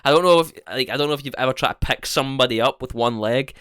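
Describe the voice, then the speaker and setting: A young man, co-hosting a podcast and telling animated, sweary stories, acting out both sides of each exchange. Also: medium pitch, fast, clean tone, dry recording, clean studio sound. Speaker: podcast co-host. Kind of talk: casual storytelling chat.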